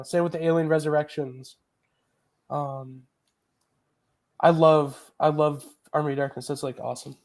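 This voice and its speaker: A man with a fairly high voice talks movies in loose, casual chat. He rambles with excitement, stacking fillers and restarting his sentences as he goes. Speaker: podcast co-host.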